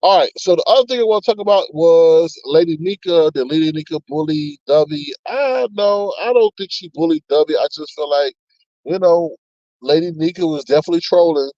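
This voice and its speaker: A man rants through casual online-drama commentary, blunt and heavy on profanity, stopping to read chat comments aloud. His voice sits a little high for a man. The recording is dull and muffled, with no room sound at all. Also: brisk, dark tone, dry recording. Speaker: commentary channel host.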